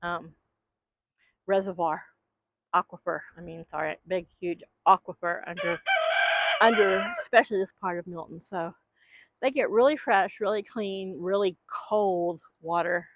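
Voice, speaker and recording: Speaking a little slowly in a fairly low voice, a woman rambles casually to her hens outside for a vlog. A faint hiss or hum sits under her microphone audio.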